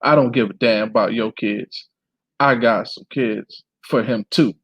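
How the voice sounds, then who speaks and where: A man's voice: medium pitch, fairly even intonation, unhurried, husky, dry recording. A man reading the part of a crude, confrontational woman in a memoir, on a dull dry recording. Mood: hostile. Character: brash hostile woman, crude.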